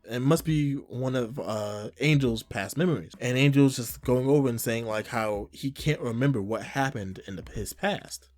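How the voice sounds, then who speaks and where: Casual male reviewer, mid-pitch voice, faint music playing under him, recaps scenes loosely. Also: normal speed, few pauses, darkish tone. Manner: retells scenes with frequent "like" and short quoted lines. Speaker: manga chapter reviewer.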